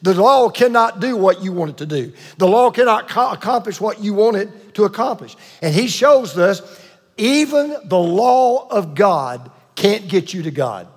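High-voiced preacher in a reverberant hall. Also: male voice, animated, normal speed. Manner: emphatic preaching, repeats key lines, asks the congregation to respond. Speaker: pastor. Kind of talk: sermon.

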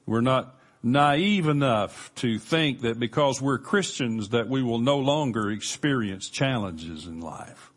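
A man preaching a sermon as pastor, earnest and emphatic, with measured pauses. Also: medium pitch.

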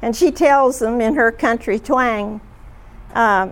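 A woman leading a group discussion, retelling stories in a chatty, halting way with frequent fillers. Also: a little high. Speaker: discussion leader.

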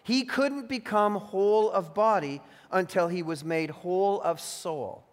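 Slow high-voiced man preaching in a hall. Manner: earnest, teacherly, stresses key phrases. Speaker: pastor. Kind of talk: sermon. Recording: long reverb of a large hall.

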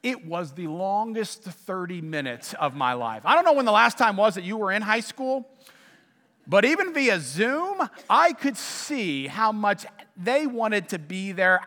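Man, pastor, lively high-pitched sermon voice, church echo. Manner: animated storytelling preacher.

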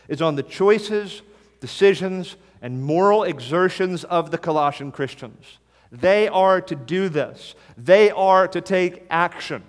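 A man's voice: a little high, big-room sound. A man preaching a sermon, pressing his points with emphatic, repeated commands. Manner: emphatic, hammering repeated imperatives. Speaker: pastor.

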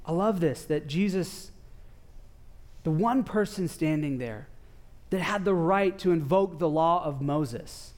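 A man's voice: fairly high pitch, slow pace. A man in his thirties, a father and pastor, preaching a conversational sermon and telling family stories with asides to the congregation. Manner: conversational, animated storytelling with asides to parents.

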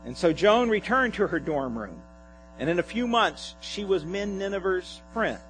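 Animated male pastor telling a story. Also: sits high, normal speed, a little hiss or hum, poor audio. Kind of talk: sermon with a read-aloud humorous sketch.

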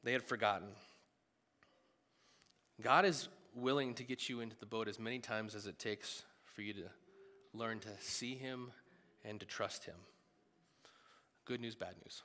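A man preaching a sermon in a conversational, animated way, with quick asides. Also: mid-range voice. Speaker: pastor. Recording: long hall reverb.

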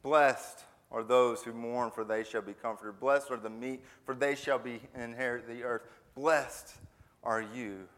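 A man's voice: mid-range voice, fairly even intonation, measured pace, a bit bright, close to an everyday voice. A man voicing a kind mother who is baking bread and telling her daughter a story. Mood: wistful. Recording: long hall reverb.

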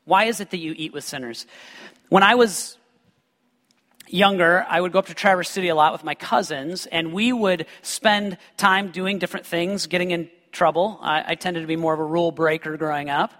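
A man preaches in a large hall, his voice high and bright, ringing with a long reverb. He weaves scripture with lively personal stories and tosses joking asides to the congregation. The delivery is animated and full of humor. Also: moderate pace. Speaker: pastor. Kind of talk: sermon with personal storytelling.

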